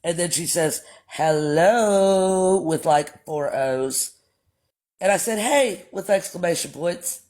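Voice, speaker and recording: Hosting a casual livestream, a man tells a story bluntly and swears freely, repeatedly speaking to his chat as "y'all." His voice sits a bit higher than most men's, and he talks in an unhurried, slightly mellow way.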